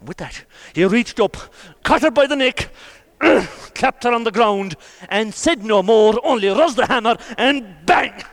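An Irish man telling a traditional folk tale, his colloquial delivery swinging between loud bursts and hushed asides. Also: very high-pitched, lively intonation, unhurried. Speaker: storyteller. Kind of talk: traditional oral folk storytelling.

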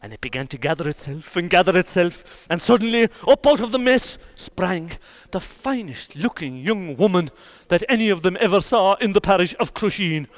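An Irish man telling a traditional folk tale, his colloquial delivery swinging between loud bursts and hushed asides. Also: high-pitched, expressive, moderate pace. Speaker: storyteller. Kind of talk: traditional oral folk storytelling.

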